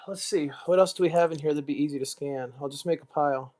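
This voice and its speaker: A man hosting a casual live stream, muttering to himself while sorting items and throwing quick asides to the chat. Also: fairly high pitch, a little mellow.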